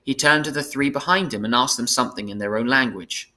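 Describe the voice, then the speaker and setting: Brief: man with a bright, tense tone reading a children's storybook aloud, steady and plain. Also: mid-range voice, fairly quick. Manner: plain, steady reading with small self-corrections. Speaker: reader.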